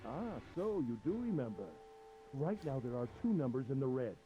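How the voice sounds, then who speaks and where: A man's voice: mid-range voice, big pitch swings, normal speed, muffled recording, voice pushed up, lightly acted. A man voicing a cruel, mocking male villain who taunts his captive in a theatrical way. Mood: gloating, mocking.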